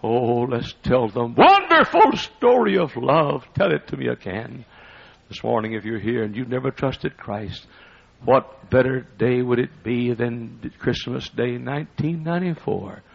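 A Baptist preacher delivers an impassioned, dramatic sermon in a church. His voice is gravelly and husky. The recording sounds dull and lo-fi. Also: medium pitch, moderate pace. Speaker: Baptist pastor. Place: church sanctuary.

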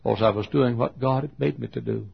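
Gravelly older pastor, coughing often. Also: male voice, mid-range voice, brisk. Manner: folksy, repeats words, coughs often. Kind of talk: sermon storytelling. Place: church auditorium. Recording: dull lo-fi recording.

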